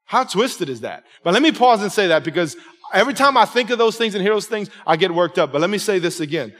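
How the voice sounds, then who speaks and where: Emphatic preaching pastor in a reverberant hall. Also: male voice, high-pitched, expressive, quick pace, a bit bright. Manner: emphatic, conversational preaching with repeated "right?". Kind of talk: sermon. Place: church sanctuary with congregation.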